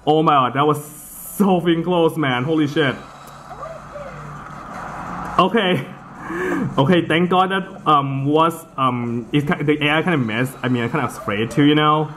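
Narrating a soccer video game let's-play, this man speaks in a higher-leaning voice with a bit of background noise. He gets excited easily and readily curses and groans at the gameplay.

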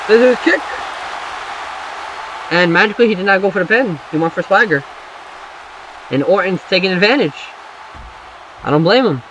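A man giving excited, rambling play-by-play of a wrestling video game, swearing and yelping at the big moves. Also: high voice. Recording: loud game crowd and noise behind voice. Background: wrestling game crowd audio.

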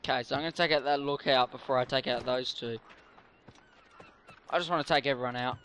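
A let's play gamer rambles casually through a video game at a brisk clip, often tripping over his words and swearing offhandedly. His voice is medium in pitch with a steady, fairly bright tone, and a faint hiss or hum sits under the recording.

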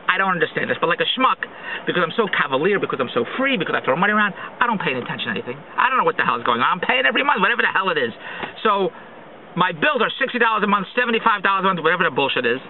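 Exasperated man ranting fast, sarcastic, on a tinny phone-quality recording. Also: sits high, lively intonation, slight background noise. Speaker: vlogger. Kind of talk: ranting monologue.

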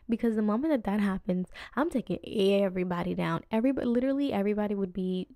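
A woman in her twenties hosting a podcast, telling rambling personal stories with lots of fillers and jumping up in pitch to act out what people said. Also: racing, hardly any pauses, warm tone, dry recording, clean studio sound. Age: 20s. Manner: chatty, rambling, lots of fillers, acts out quotes with pitch jumps. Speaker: podcast host. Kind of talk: casual storytelling monologue.

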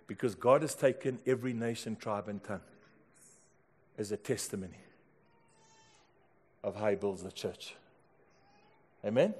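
A middle-aged man with a South African English accent, preaching a sermon in a church, telling stories and swinging from hushed asides to loud calls. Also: fairly low pitch, moderate pace, pauses often, breathy edge. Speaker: pastor.

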